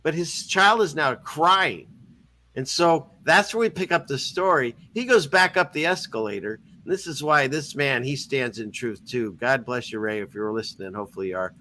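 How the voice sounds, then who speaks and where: A man's voice: medium pitch, animated, normal speed, sharp tone. A man hosting a casual online talk show, rambling through a story with frequent restarts and easy laughter. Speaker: podcast host. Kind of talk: casual chat.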